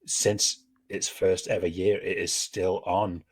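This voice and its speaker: Low-voiced British man hosting a podcast. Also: flat delivery, slow pace, breathy edge. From Britain. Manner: chatty, laughs often, grumbling rants. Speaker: podcast host. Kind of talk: casual chat.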